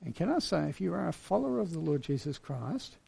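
Earnest gravelly pastor preaching. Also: male voice, a little high, big pitch swings. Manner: earnest, warm storytelling with gentle pauses. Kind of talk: sermon.

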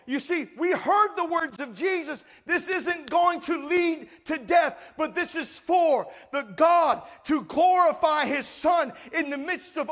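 High-voiced man preaching with passion. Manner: impassioned preaching, swinging between shouting and hushed asides. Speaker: pastor. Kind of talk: sermon.

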